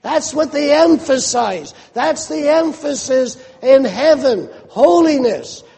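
A man preaching a sermon in a measured, emphatic way, repeating phrases for stress. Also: very high voice, expressive, gravelly, a little mellow. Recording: long reverb of a large hall.

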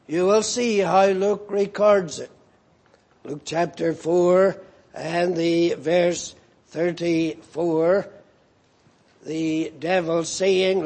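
Slow, high-voiced male preacher. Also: a little mellow. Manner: deliberate, asks rhetorical questions, pauses with fillers. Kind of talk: sermon.

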